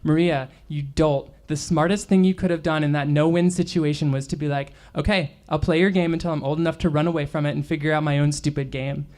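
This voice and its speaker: A woman's voice: low-pitched, steady tone, brisk, few pauses, darkish tone, natural voice. A woman reading as a blunt, teasing friend. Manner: teasing, no-nonsense, profane. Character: blunt level-headed trans woman friend. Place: bookstore reading.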